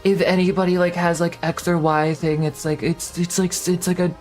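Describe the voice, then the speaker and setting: A woman's voice: lowish voice, little pitch movement, moderate pace, darkish tone, soft background music. A young woman in her twenties, a streamer ranting casually, heated and swearing with lots of fillers and restarts. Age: 20s. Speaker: VTuber streamer.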